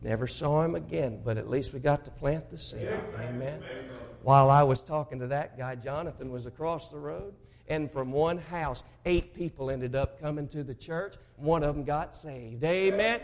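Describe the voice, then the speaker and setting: A middle-aged man from Mississippi with a Southern accent, preaching a sermon with impassioned storytelling that swings between loud exclamations and hushed asides. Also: a little high, normal speed.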